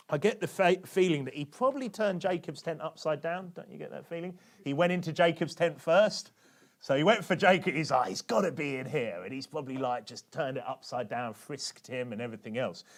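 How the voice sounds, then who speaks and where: A British man preaching a conversational sermon, often tossing tag questions at his congregation. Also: on the high side. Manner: chatty, keeps asking tag questions of the congregation.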